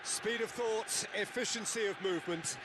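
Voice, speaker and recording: A man voicing a lively play-by-play football commentator in a video game, excitable and rising to shouts on goals. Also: high voice, normal speed, a loud crowd, natural voice. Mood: excited. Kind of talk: scripted sports commentary. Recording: game audio under stream noise.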